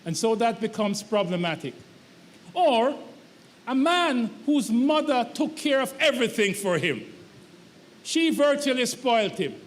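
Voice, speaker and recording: High-voiced preacher in a reverberant hall. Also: male voice, very animated, measured pace. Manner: emphatic, repetitive preaching cadence. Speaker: pastor. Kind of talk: sermon. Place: church sanctuary. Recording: long church hall reverb.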